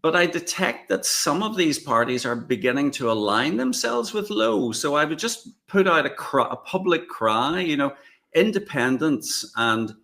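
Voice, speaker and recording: A man co-hosting a political discussion, talking in a halting way with many fillers and restarts. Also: on the high side, big pitch swings, creaky, sharp tone. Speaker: co-host.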